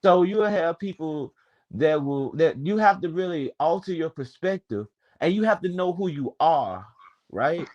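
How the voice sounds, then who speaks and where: A man's voice: fairly high pitch, lively intonation, measured pace, a little mellow, dull audio. A man in his twenties speaking in a casual, rambling storytelling way. He swears freely as he talks. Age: 20s. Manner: wordy, digressive, swears freely. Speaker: panel speaker.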